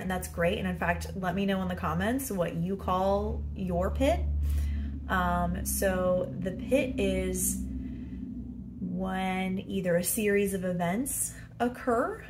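A woman's voice: medium pitch, slight background noise. A woman hosting a solo podcast from her bedroom as a head coach, chatty and self-deprecating, with many fillers. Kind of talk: casual solo podcast monologue.

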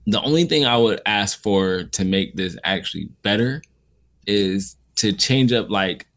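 A man's voice: on the low side, a little slow. A man in casual conversation reviewing an anime series, rambling loosely with lots of filler words. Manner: relaxed, rambling, frequent "like" fillers. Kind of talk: casual podcast chat.

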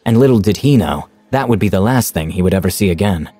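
A man narrating his tabletop campaign in the first person with measured, dramatic storytelling. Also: low voice, expressive, warm tone.

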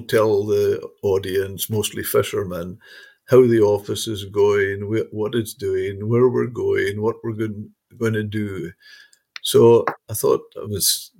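Slow, gravelly man reminiscing. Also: on the low side, a little mellow. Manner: anecdotal, rambling storyteller with many restarts. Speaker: interviewer. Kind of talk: casual reminiscing conversation.

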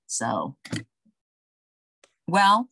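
A woman recalling family memories as an interview guest, unhurried and full of fillers. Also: on the low side, huge pitch swings, creaky, sharp tone, no echo. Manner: reminiscing, unhurried, with many fillers. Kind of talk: casual storytelling.

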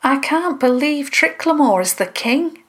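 A woman voicing a cheerful, chatty young girl who talks brightly and eagerly. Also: high voice, expressive, a little slow, pitched above the performer's own voice.

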